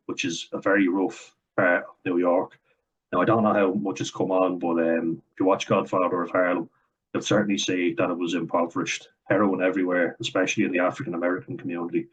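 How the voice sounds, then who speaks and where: Blunt sweary Irish man, low husky voice. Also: poor audio. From Ireland. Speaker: commentator reading comments. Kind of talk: casual reaction commentary.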